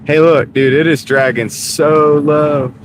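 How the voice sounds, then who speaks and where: A man's voice: a little high, slow. Laid-back man chatting from his car. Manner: laid-back, answers chat by name, mutters over order offers. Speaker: delivery driver streaming live. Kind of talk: casual live-stream chat. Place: inside a car while driving. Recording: steady car road noise. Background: car engine and road noise.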